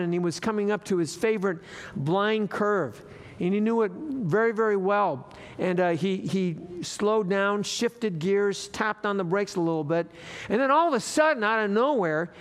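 Male pastor, fairly high voice, storytelling sermon that repeats key lines, empty room. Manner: storytelling, repeats phrases for emphasis.

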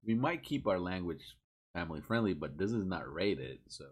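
A man's voice: deep voice, expressive, normal speed, breathy edge. A man hosting a casual chat, teasing and laughing. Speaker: podcast host.

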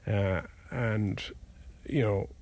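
A man's voice: fairly low pitch, steady tone, extremely slow, darkish tone. An Irish man, a lawyer guest, talking casually through family law cases with restarts and folksy asides. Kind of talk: conversational legal explanation.

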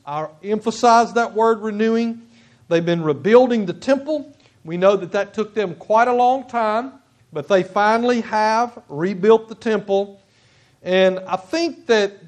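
A high-pitched man preaching from a church pulpit. He speaks in a halting way, restarting phrases and repeating key words for emphasis. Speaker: pastor. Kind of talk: sermon. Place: church sanctuary.

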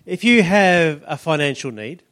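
A man's voice: a little high, expressive, measured pace, a bit bright. A male pastor preaching and teaching, often putting questions to the congregation. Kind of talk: sermon.

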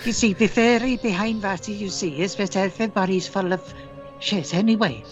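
A woman's voice: medium pitch, moderate pace, highs cut off, over music. A woman playing a tabletop game, talking politely and chattily in character. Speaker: player.

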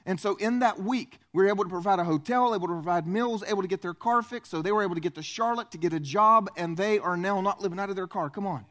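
A man pastor preaching a sermon, animated and acting out the voices he quotes. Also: sits high, quick pace, hardly any pauses.

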